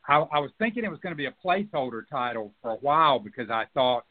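A man, a novelist being interviewed, talking reflectively and haltingly with many fillers and restarts. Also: mid-range voice. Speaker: novelist guest. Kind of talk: radio interview conversation. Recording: phone-like narrow band.

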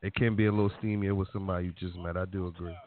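A man's voice: low voice, little pitch movement, rapid-fire, a little hiss or hum. A man hosting a casual late-night call-in radio show, talking in a loose, joking way. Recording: dry, phone-like lo-fi sound.

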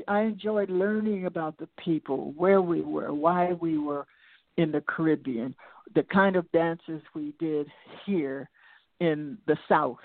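A singer and lecturer, an older woman, appears as an interview guest, speaking low with a gravelly, textured voice. Her reflective, conversational stories wander off on side paths, restart, and circle back, all coming through a dry, close, tinny phone-like line with no room sound.

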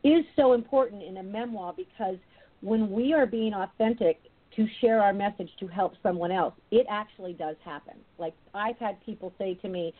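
A woman's voice: mid-range voice, normal speed. A woman hosting an interview, supportive and affirming toward her guest. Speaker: podcast host. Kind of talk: interview conversation. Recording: tinny phone-like audio.

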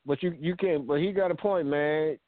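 A man on a radio talk show, stepping in bluntly and with profanity to calm an argument. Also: on the high side, moderate pace, dry recording. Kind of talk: casual chat. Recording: dry, tinny phone-like audio.

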